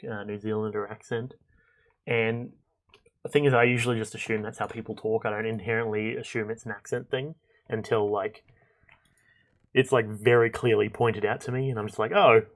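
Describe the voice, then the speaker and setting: A young man streaming a game, chatting casually and thinking out loud with lots of fillers and restarts. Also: on the low side. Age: young adult. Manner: rambling, chatty, thinks aloud with many fillers. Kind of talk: casual gameplay commentary.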